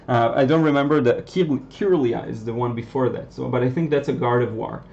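A Hebrew-speaking man hosts a watercolor painting livestream, chatting loosely and fielding questions with plenty of ums. His voice is medium in pitch, gravelly yet slightly mellow, and a bit quick, though the recording sounds muffled.

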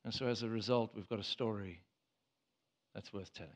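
A man's voice: fairly low pitch, fairly quick. Earnest man preaching a sermon. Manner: earnest, rises to emphatic bursts, many restarts. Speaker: pastor. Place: church. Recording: dull church service recording.

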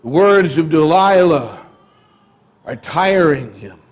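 Slow, high-voiced preacher telling a story. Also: male voice, animated. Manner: dramatic storytelling. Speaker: pastor. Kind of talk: sermon. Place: church.

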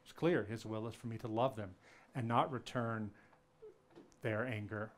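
A man's voice: measured pace, a little hiss or hum. Earnest man giving a storytelling lecture. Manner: earnest, retells dialogue with lively shifts in pitch. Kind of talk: public lecture with personal storytelling. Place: lecture event before an audience.

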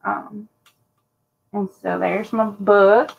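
A woman's voice: mid-range voice, little pitch movement, drawn-out words, creaky, slightly rough, narrow, tinny audio. A woman co-hosting a live sale, chatting casually and joking between items. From Louisiana. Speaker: co-host selling items.

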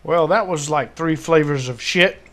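A man's voice: fairly high pitch, a little slow, a bit bright. A man commentating his own online shooter match, talking to himself and swearing in frustrated outbursts. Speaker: gaming commentator. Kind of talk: live gameplay commentary.

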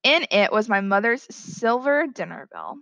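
A woman teacher reads a novel aloud in a fairly high, animated voice, swinging her pitch as she moves between the characters. She pauses now and then to explain a line to her class. The recording is close and dry, with no room sound. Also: dry recording. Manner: reads dialogue with lively pitch jumps, stops to explain. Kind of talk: classroom read-aloud with commentary.

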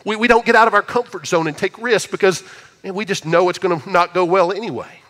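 A man preaching a sermon as a pastor, talking in a conversational way and reading scripture with emphatic swings between loud and soft. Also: high-pitched, fast, long reverb tail. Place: church auditorium.

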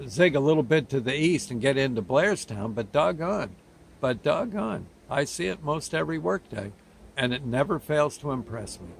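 A man's voice: mid-range voice, creaky. A man from New Jersey telling a childhood memory in a folksy, rambling storytelling way. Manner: folksy, rambling, with plain homespun words. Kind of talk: casual spoken storytelling.

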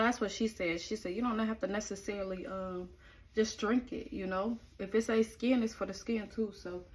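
A woman's voice: medium pitch, slight background noise. A woman vlogging in casual chat, rambling with fillers, then switching to sing-song baby talk with her little son.

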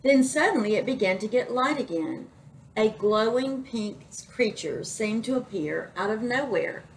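A woman reading a children's picture book aloud as a librarian, slow and expressive. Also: a little high, a little hiss or hum, low-quality recording. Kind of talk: children's story read-aloud.

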